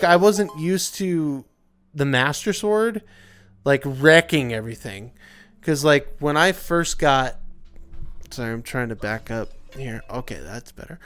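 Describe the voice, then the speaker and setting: A young man giving casual, rambling gameplay commentary, tired and yawning, with lots of filler words. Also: on the high side. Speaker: let's play commentator.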